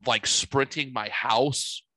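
A man's voice: mid-range voice, slow, no echo, rough recording. A man in his forties telling a long story in casual chat, rambling and full of swearing. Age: 40s. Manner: profane, rambling, animated storyteller.

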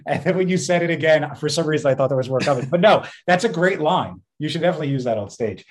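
A man's voice: on the high side, animated, fast, slightly rough. A man co-hosting a podcast, chatting in an easygoing way and laughing often. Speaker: podcast co-host. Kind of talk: casual chat.

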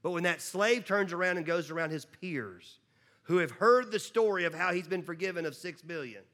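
A male pastor preaching a sermon in a conversational way, often repeating words as he starts a sentence and swinging from loud emphasis to low, hushed asides.

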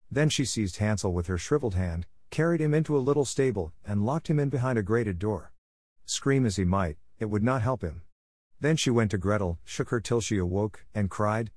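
A man narrating a fairy tale in a steady, measured storybook reading. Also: on the low side, no echo, studio quality.

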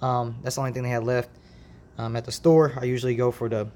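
A man's voice: medium pitch, fast talker. A man from Ohio hosts a faith podcast from a makeshift home setup. He talks in a loose, rambling way, slips into slang and circles back to his point. He is recorded close on a decent home mic. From Ohio, USA. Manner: rambling, chatty, relaxed slang. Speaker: podcast host. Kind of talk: casual faith podcast monologue.

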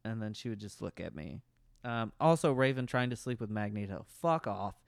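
Smooth-voiced young man, swearing casually. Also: on the low side, fairly quick, no echo, clean studio sound. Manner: profane, rambling, enthusiastic. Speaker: podcast co-host. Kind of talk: casual movie review chat.

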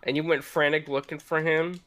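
A man's voice: fairly high pitch, little pitch movement, a little fast, a bit bright, a little hiss or hum. A man in casual chat, teasing and prompting a family story. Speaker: family member on the stream.

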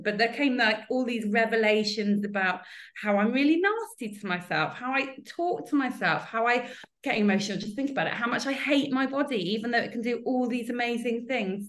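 A woman's voice: mid-range voice, a bit bright. A woman in her thirties from the UK, chatting candidly as a podcast guest, self-deprecating and laughing often. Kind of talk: casual chat.

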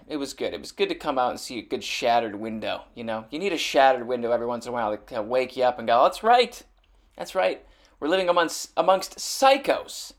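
A man hosting a podcast, chatting casually in a rambling, sardonic way with many restarts and fillers. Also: medium pitch. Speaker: podcast host. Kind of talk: casual chat.

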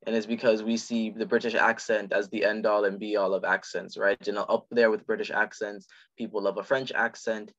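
A man with a Jamaican accent speaks in a low, monotone voice, laying out his points in a measured, explanatory way. His audio sounds dull and lo-fi, as if from a modest mic. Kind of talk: casual discussion. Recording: dull lo-fi recording.

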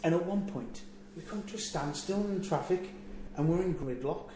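A man telling a long travel anecdote in a relaxed chat, acting out what people said. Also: fairly high pitch, moderate pace. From England. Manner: animated storyteller, acts out quotes. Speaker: wrestler telling a road story. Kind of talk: casual anecdote. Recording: echoey room, faint ambient noise.

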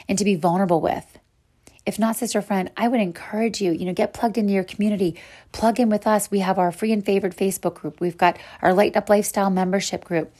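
A woman's voice: mid-range voice, a little mellow, slightly rough. A woman hosting a podcast and teaching a Bible devotional, speaking in an earnest, encouraging way to her listeners as sisters.

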